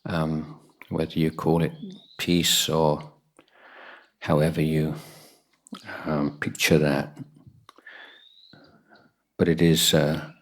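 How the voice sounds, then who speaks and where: Male monk for a guided meditation talk: very low, even voice, slow and pausing. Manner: unhurried, pausing often with soft fillers. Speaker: Buddhist monk teaching meditation.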